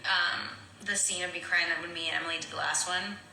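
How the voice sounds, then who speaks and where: Bright-voiced woman hosting a watch-along. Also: fairly low pitch, fairly even intonation, fairly quick, creaky, roomy sound, slight background noise, poor audio. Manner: chatty, recalls scenes eagerly. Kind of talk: casual live watch-along chat.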